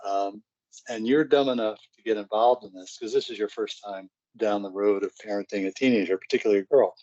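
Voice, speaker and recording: A man's voice: lowish voice, steady tone, fairly quick, warm tone, lo-fi sound. Middle-aged man giving a parenting talk. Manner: conversational, acts out scenes. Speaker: psychologist speaking to parents.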